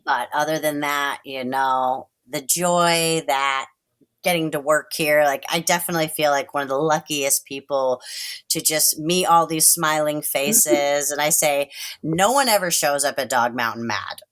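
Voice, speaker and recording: A woman who works at a dog park and gallery, chatting in an interview, full of "you know" and soft laughs. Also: low voice, a little slow. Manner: warm storytelling with frequent "you know" and light laughs. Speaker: staff member at Dog Mountain. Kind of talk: casual interview conversation.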